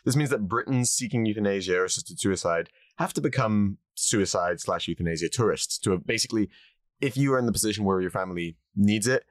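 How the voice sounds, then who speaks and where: Low-voiced joking man. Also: fairly quick, dry recording, studio quality. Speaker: podcast co-host. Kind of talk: casual podcast chat.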